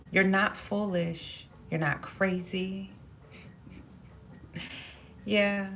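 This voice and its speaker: A woman with a low voice talks through a tarot reading, thinking aloud and circling back over her words as the cards come up. A gravelly fry runs through her speech, and a faint hiss sits under the recording. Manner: musing, repeats phrases, talks to herself while drawing cards. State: emotional at moments. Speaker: tarot reader.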